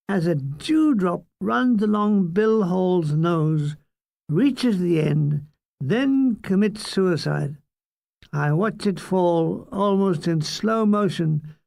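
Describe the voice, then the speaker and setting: A man reading his own comic memoir aloud, dry and wry, with deadpan jokes and asides to the listener. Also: high voice, takes it slowly, vocal fry, no room sound.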